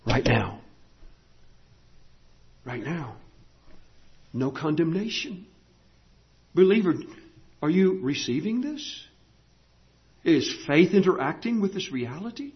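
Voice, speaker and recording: A man preaching a sermon as pastor, emphatic, repeating key phrases and swinging from loud declarations to hushed lines. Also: fairly high pitch, expressive, measured pace, long pauses, highs cut off.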